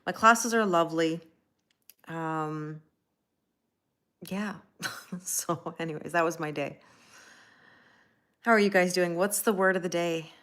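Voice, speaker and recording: A woman with a fairly low, fairly bright voice takes things slowly and pauses often as she hosts a casual live stream. She rambles through a story, laughs at herself, and greets viewers in chat by name. She works as a schoolteacher and is also a streamer and tarot reader.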